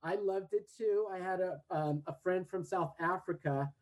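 A man's voice: high-pitched, normal speed, darkish tone, highs cut off, a little hiss or hum. An American man in his forties, a guest and English teacher, chatting casually in an upbeat, rambling way and laughing often. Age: 40s. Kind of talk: casual interview chat.

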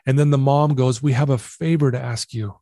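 A middle-aged man recounting a personal story as an interview guest, earnest and animated, acting out the dialogue. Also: mid-range voice, brisk, no room sound, clean studio sound.

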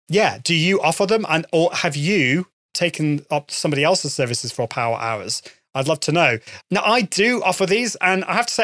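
A man with a slightly high voice hosts his podcast in an upbeat, chatty way, often doubling back on his words. The sound is dry and close, with no room around it. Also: a bit bright, dry recording. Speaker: podcast host. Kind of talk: solo podcast talk with sponsor read.

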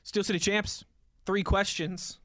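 A man hosting a sports podcast, reading out listener tweets and chatting casually. His voice sits a touch high for a man, and the sound is close and dry. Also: level tone, measured pace, fairly bright tone, no echo. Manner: easygoing, reads messages aloud, laughs often.

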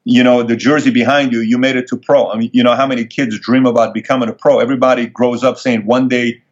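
A man telling a personal story as an interview guest, animated and acting out the people he quotes in a higher voice. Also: quick pace. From Middle East. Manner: animated, acts out quoted dialogue in raised voice. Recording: dull lo-fi sound.

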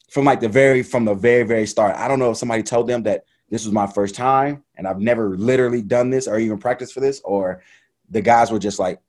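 A man casually telling a story about a race in an animated, laughing way, acting out what people said. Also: medium pitch. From United States. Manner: animated, laughing retelling with quoted voices.

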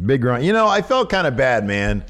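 A man's voice: mid-range voice, a bit bright. A man co-hosting a wrestling podcast, chatting casually and joking around. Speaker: podcast co-host.

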